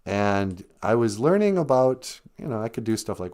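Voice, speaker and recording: A man's voice: lowish voice, big pitch swings, normal speed, few pauses, a little mellow. A man, a comedian, telling a personal story on a live stream in a chatty way, laughing often, quoting people and getting choked up. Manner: quotes people in short voiced bits.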